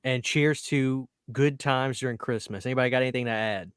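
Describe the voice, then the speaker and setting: A man's voice: mid-range voice, brisk, clear, resonant tone, dry recording, studio quality. A man hosting a casual livestream, upbeat and reading out chat names. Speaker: livestream host.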